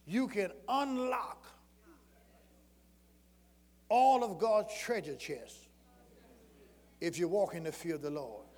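A man preaching a sermon, telling folksy stories that swing from murmured asides to shouted exhortation. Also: sits high, animated, slow pace, pauses often, long reverb tail. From rural Southern United States. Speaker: pastor.

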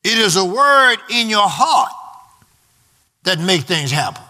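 Casting: male preacher, high bright voice, emphatic, call-and-response delivery. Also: big pitch swings, slow. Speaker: pastor. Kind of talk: sermon.

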